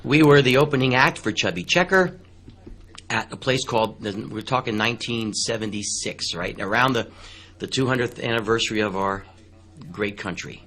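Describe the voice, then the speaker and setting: An older man, a musician appearing as a radio guest, telling stories in an animated, emphatic way. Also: mid-range voice, moderate pace. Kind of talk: casual radio interview storytelling.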